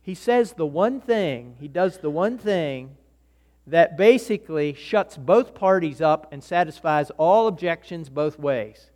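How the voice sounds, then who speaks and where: A pastor's voice, a little high and darkish with lively intonation, keeps a measured pace through his sermon. He tells stories casually, acting out voices and often starting sentences over, and the sound carries long hall reverb.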